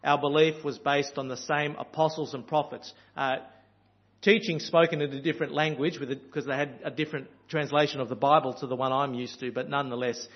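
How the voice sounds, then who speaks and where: A man's voice: mid-range voice, steady tone, brisk, lo-fi sound. A man from Australia with an Australian accent, preaching a sermon in an earnest, storytelling way with frequent ums and uhs.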